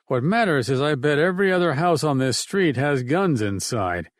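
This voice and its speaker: A man's voice: on the high side, animated, moderate pace, no echo, pitched above the performer's own voice, natural voice. A man voicing a practical, blunt man with dry humor in an audiobook. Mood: wry. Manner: blunt and wry. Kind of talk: audiobook narration.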